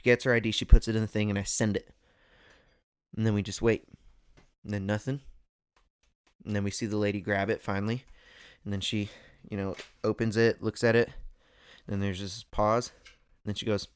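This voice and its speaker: A young man hosting a podcast, telling a story in a casual, animated way and laughing often. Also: lowish voice, clear, resonant tone. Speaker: podcast host. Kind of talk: casual chat.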